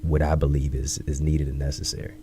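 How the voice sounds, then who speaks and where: A man in his thirties, an author and speaker, telling his life story in an interview in a reflective, measured way, with catchy sayings. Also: extremely low pitch, monotone, warm tone, slight background noise.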